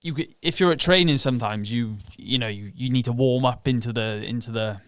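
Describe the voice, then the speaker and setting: A man on a podcast recounts a fight in loose, candid storytelling, swearing freely and slipping into the voices of his own racing thoughts. His voice is mid-pitched and recorded close and dry, with no room sound around it. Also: fairly quick, dry recording. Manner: frank and profane, relives moments with quoted inner thoughts. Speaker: podcast guest, professional MMA fighter. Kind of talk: casual interview storytelling.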